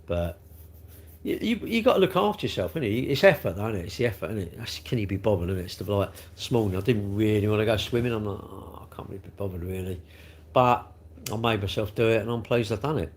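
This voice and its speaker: A man's voice: lowish voice, animated, fast. A man in his sixties with a South London accent, chatting casually on a livestream and answering comments, rambling and tagging questions onto everything. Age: 60s. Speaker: livestream host.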